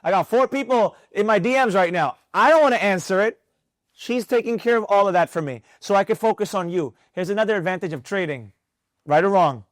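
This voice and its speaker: A high-voiced man leads a live trading mentorship class for students present, moving at a fairly quick clip. Animated and preachy, he repeats key lines for emphasis, and the audio has no echo.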